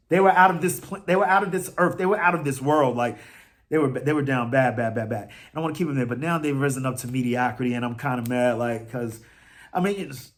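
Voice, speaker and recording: Animated slangy man talking football. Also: fairly high pitch. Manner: animated, trash-talking, slangy with frequent fillers. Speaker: fan podcast host. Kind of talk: casual fan commentary.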